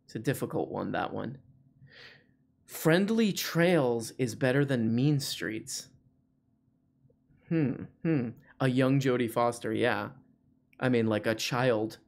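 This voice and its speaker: A man hosts a casual livestream call-in show, rambling and joking with plenty of fillers. He speaks slowly at medium pitch with vocal fry, pausing often.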